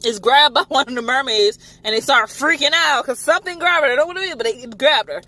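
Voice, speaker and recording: Woman reviewer, animated casual recap, slightly high pitch. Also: fast. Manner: chatty, animated, swears freely. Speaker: TV show reviewer.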